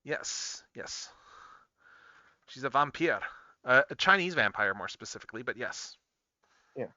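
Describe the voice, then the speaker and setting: A man hosting a casual livestream, rambling and excitable as he thinks out loud while he works on a build. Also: medium pitch, unhurried, no room sound. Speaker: livestream host building model kits. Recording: dull lo-fi, dry sound.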